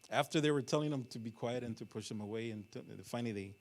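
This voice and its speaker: In a church sanctuary, a man preaches a sermon, telling the story with sudden swings between loud and hushed passages and putting questions to the congregation. He talks fast at a medium pitch, barely pausing.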